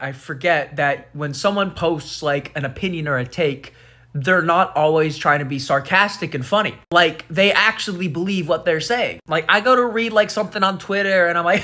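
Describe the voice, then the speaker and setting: A man's voice: on the high side, fairly quick, sharp tone. A man talking casually and sassily to a phone camera, ranting in short comic bits. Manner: casual, sassy, rants.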